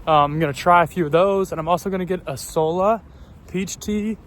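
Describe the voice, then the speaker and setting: A man's voice: sits high, a little fast. A man vlogging casually to camera as he walks city streets, chatty and hesitant, with lots of ums and self-corrections. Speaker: travel vlogger. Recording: faint outdoor street noise. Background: faint street and traffic noise.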